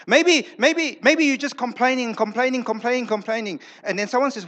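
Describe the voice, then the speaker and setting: A man's voice: extremely high pitch, brisk, fairly bright tone, lo-fi sound. A male pastor preaching a sermon in a church, emphatic, repeating words for effect and acting out quoted lines.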